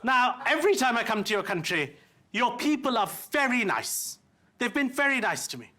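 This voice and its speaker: A man's voice: extremely high pitch, sing-song, normal speed, sharp tone. A middle-aged man from India doing a wry, self-deprecating stand-up set on a theatre stage, now and then mimicking other voices. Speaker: stand-up comedian. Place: theatre stage before a live audience. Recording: live theatre with audience laughter.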